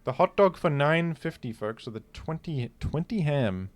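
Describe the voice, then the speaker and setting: A man's voice: on the high side, animated, normal speed. A man hosting a gaming video, giving casual, rambling commentary with a joking, incredulous manner. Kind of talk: casual commentary while playing.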